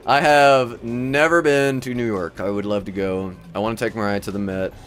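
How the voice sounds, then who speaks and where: A man with a fairly low, slightly bright voice speaks at a moderate pace with fairly even intonation, soft music in the background. He hosts a livestream from Michigan in a Midwestern American accent, chatting casually, rambling, and laughing frequently.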